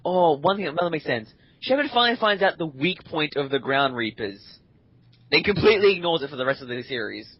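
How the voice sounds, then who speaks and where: A man's voice: on the high side, animated, brisk, dry recording. Rambling, complaining man on lo-fi mic. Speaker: podcast co-host. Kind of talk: casual gaming chat.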